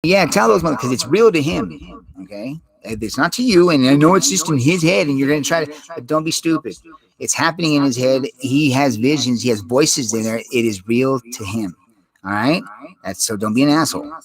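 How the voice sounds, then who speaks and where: A man's voice: medium pitch, expressive, normal speed, a crowd in the background. A man talking straight to the camera in a rambling personal monologue, intense and heavy on profanity, with many restarts.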